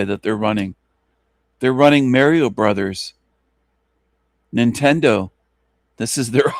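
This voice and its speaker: A man's voice: medium pitch, no room sound. A man hosting an online radio show, ranting scornfully at his listeners with mocking laughs and rhetorical questions. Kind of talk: scornful solo rant.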